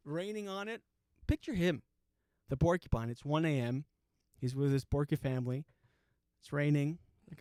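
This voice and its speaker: A man's voice: a little high, brisk, darkish tone, no room sound. Profane man in his forties, dry close mic. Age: 40s. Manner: profane, laughs through his own story. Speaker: podcast host. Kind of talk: casual storytelling monologue.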